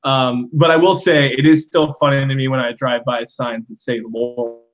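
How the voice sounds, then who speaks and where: A man's voice: medium pitch, fairly even intonation, moderate pace, highs cut off, soft background music. A man hosting a live fan recap over a video call, rambling casually with lots of ums and uhs. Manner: rambling, full of ums and uhs, laughs a lot. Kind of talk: casual live-stream chat.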